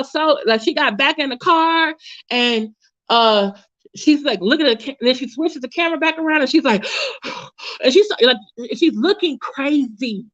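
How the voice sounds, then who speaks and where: High-voiced woman, blunt chatty commentary. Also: sharp tone, highs cut off. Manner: chatty, blunt, frequent restarts. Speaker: commentary YouTuber. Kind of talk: casual commentary.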